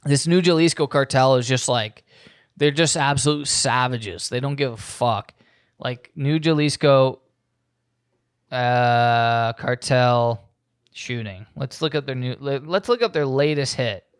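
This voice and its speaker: Smooth-voiced man rambling, swearing freely. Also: medium pitch, a little slow, no echo, studio quality. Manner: rambling, profane, often reads news aloud. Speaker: podcast host. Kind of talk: casual podcast monologue.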